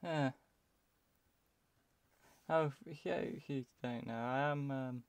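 A man's voice: medium pitch, slow, clean tone. A young British man from the UK, chatting and rambling to himself as he plays a video game. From United Kingdom. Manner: rambling, self-talking, trails off mid-sentence. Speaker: let's play commentator. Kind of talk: casual game commentary.

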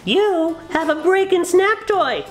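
A teacher reading aloud, voicing a cheeky little squirrel from a picture book in a high, perky voice. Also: expressive, takes it slowly, faint music behind, exaggerated voice. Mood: playful.

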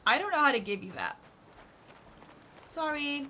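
A woman streamer from Texas with a high, bouncing voice, chatting with her viewers as she plays. Her tone is bright and lively and she giggles often. A faint hiss runs under her voice. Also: unhurried. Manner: chatty, giggly, talks to chat while playing. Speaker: streamer playing a farming game. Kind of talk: casual live-stream chat.

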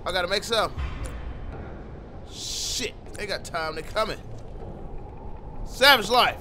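A man giving live gameplay commentary, loud and excitable, with profane play-by-play reactions. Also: high voice, slow pace, background noise.

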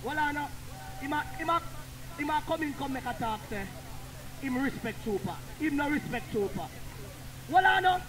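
Shouting high-voiced Jamaican selector. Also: male voice, lively intonation, normal speed, long pauses, low-quality recording. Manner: shouting patois hype over the music. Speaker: sound system selector. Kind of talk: live sound clash hype talk. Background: loud dancehall music.

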